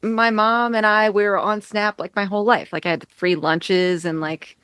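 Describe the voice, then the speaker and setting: A woman's voice: medium pitch, steady tone, normal speed, fairly bright tone, smooth, no echo. A woman musician, a guest in a casual podcast chat, talking in a rambling way and filling her sentences with "like". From United States. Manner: rambling, heavy use of "like". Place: home in upstate New York.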